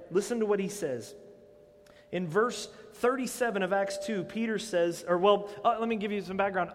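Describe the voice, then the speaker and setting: A man with a high voice delivers a sermon in a conversational, animated way and keeps asking the congregation direct questions. His voice carries a long reverb from the church hall around him. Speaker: pastor.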